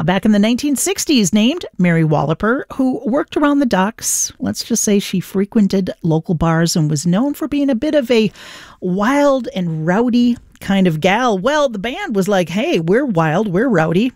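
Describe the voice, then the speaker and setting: A woman radio host, talking in a chatty, playful way. Her voice sits at a middle pitch and sounds close and dry, with no room around it. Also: a little mellow, dry recording. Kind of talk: casual radio chat.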